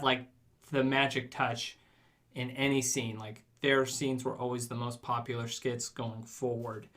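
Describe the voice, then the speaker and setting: Man, podcast co-host, casual chat, bright clear tone. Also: mid-range voice. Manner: relaxed, conversational, with frequent fillers.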